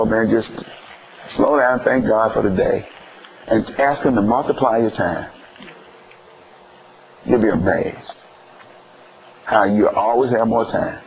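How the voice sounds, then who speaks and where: A man with a Southern US accent preaching a playful, animated sermon with call-and-response. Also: medium pitch, gravelly, highs cut off, a little hiss or hum.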